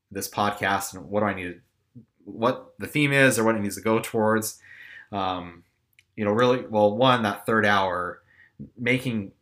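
A man's voice: deep voice, a bit bright. A young man hosting a podcast, talking candidly and ramblingly about himself with self-deprecating asides. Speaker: podcast host. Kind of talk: casual personal reflection.

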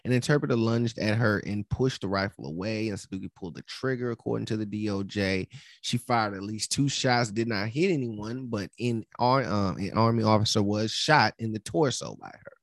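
A man's voice: fairly low pitch, normal speed, no echo, clean studio sound. A man co-hosting a podcast, reading a news story aloud and often stumbling over words and correcting himself. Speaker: podcast co-host.

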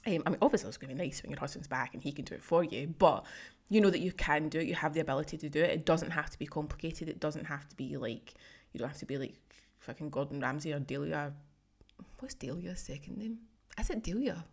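Woman in her thirties, fitness coach, casual podcast chat, slightly low voice, gushing, filler-heavy. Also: quick pace, husky. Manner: chatty, heavy use of "like", emotional and gushing. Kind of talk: casual solo podcast, reading client feedback.

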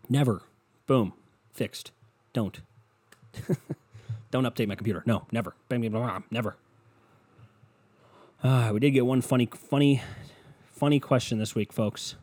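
A man's voice: mid-range voice, a little slow, pauses often, a little mellow, slightly rough. A young man hosting a solo podcast from his bedroom, ranting in a profane, sarcastic, rambling way into a computer mic. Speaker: podcast host. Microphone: desktop computer mic.

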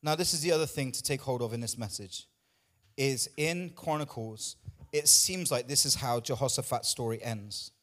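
A man's voice: mid-range voice, moderate pace, a bit bright. A man pastor preaching a sermon with emphatic, repetitive lines, out of breath at times.

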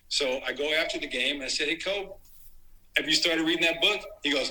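A middle-aged man with a very bright, sharp voice recounts old stories as an interview guest. He talks casually and animatedly, slipping into the voices of the people he quotes and restarting his sentences often. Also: a little high, a little fast, low-quality recording. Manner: animated storyteller acting out quotes, lots of restarts. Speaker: guest, former basketball writer.

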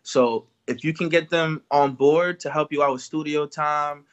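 A rapper from Washington Heights, New York, talks casually as an interview guest, laid-back and slangy, peppering his speech with "you know what I'm saying." His voice is a little high and steady in tone, and he speaks a little slowly. The highs are cut off in the audio.

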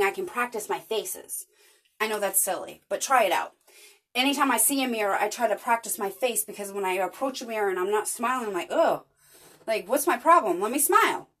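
A woman hosting a podcast, talking earnestly and chattily in a casual motivational monologue, telling stories with lots of energy. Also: a little high. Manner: earnest, chatty, animated storytelling. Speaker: podcast host.

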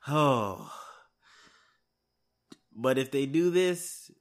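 A man's voice: medium pitch, lively intonation, extremely slow. Male podcast host, casual solo chat, tired and rambling, recording at home. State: hiccups. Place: home, late at night.

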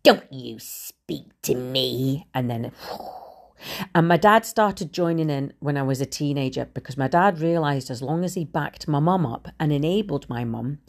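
Low-voiced middle-aged woman, frank monologue. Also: unhurried, a little mellow. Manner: frank and conversational, occasional swearing. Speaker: podcaster. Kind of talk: candid personal monologue.

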